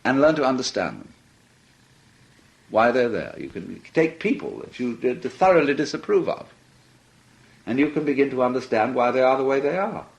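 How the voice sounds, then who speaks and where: A man's voice: medium pitch, very animated, normal speed, creaky, long pauses. A man giving a reflective philosophy talk, musing and playful, often laughing as he speaks. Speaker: philosophy lecturer. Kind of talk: reflective archival lecture.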